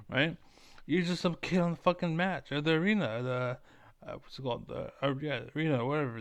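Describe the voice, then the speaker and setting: A man's voice: a little high, no room sound. A man streaming, ranting in a profane, heated and blunt way as a former competitive gamer. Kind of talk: ranting livestream monologue.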